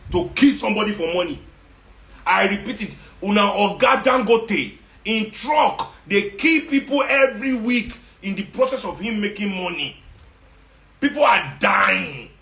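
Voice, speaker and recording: A man with a Nigerian accent and a fairly high voice, ranting at his listeners with sarcasm and hammering repetition. He drops into Nigerian Pidgin as he goes, and his voice rings around a roomy, echoey space. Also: animated, normal speed, sharp tone. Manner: confrontational, sarcastic, repeats for emphasis. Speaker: activist speaking to followers. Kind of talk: impassioned monologue. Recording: roomy echo.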